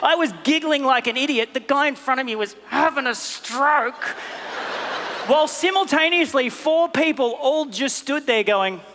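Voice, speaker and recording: A man's voice: very high voice, normal speed, long reverb tail, noisy background. A man voicing a manic, sweary male puppet comedian, doing stand-up on a theater stage. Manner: shrieking, excitable, sweary. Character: manic high-voiced felt puppet comic, male.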